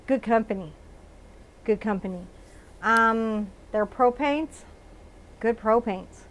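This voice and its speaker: A woman's voice: a little high, slow pace, fairly bright tone. A woman with a Texan accent teaching a live painting lesson in her studio, chatting and narrating each brush step as she paints. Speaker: painting instructor. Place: art studio.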